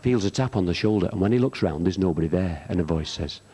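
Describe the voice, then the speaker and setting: Bloke doing stand-up, lots of ums, voice leaps up high for the punchlines. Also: male voice, expressive, quick pace, husky. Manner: rambling, hesitant, full of ums between jokes; jumps into high shouted character voices for punchlines. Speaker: stand-up comic at a charity show. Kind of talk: stand-up joke telling. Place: stage in a theatre.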